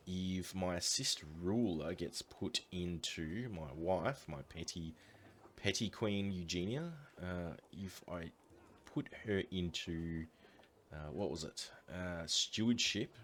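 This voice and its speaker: A man's voice: sits low, unhurried, a little hiss or hum. A man giving casual, upbeat commentary as he plays a strategy game and thinks aloud. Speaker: let's play host.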